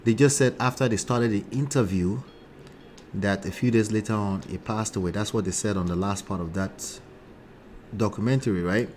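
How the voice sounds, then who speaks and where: A man with a blend of Nigerian and New Jersey accent hosts casual commentary in a somewhat low voice. He is chatty and keeps checking in with rhetorical asides. Faint noise sits under the recording. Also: steady tone, moderate pace, darkish tone. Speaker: relationship talk host.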